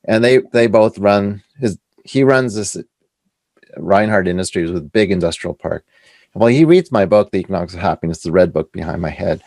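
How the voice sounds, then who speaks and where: A middle-aged man from Canada with a very low, gravelly voice, recorded close and dry. He tells his stories with animation, slipping into the voices of the people he quotes as an interview guest. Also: moderate pace, darkish tone, no room sound. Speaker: author and guest. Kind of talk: casual storytelling interview.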